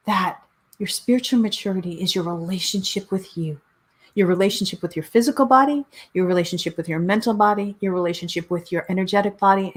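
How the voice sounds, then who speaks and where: A woman's voice: on the low side, slightly rough. A middle-aged woman hosting a spiritual talk show, speaking earnestly and repeating phrases for emphasis. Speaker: host, spiritual coach. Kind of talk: motivational talk show monologue.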